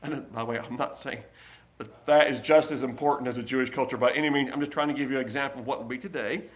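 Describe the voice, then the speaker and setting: A man preaching a sermon from the pulpit in a church, emphatic, with loud stressed phrases and quiet asides. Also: mid-range voice, fairly even intonation, fast. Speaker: pastor.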